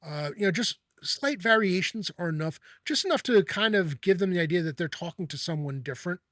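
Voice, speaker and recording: A man with a slightly raised voice leads a casual chat. He talks in halting bursts, repeating words and restarting sentences. The sound is dry, with no room echo. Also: high voice, lively intonation, fairly bright tone. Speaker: host.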